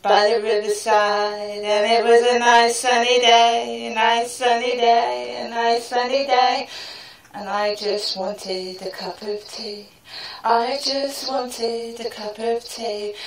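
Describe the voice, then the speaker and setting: A British woman half-sings a rambling comic song, taking her time over each line. Her voice sits a touch high and comes from well back from the mic in an echoey room. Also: recorded from a distance. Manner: rambling half-sung storytelling.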